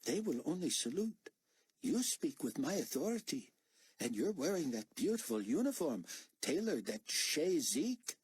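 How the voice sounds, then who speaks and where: A man's voice: on the high side, big pitch swings, a little slow, darkish tone, a little hiss or hum, pitched above the performer's own voice. A man voicing a wry, teasing, commanding older male officer with a dry manner.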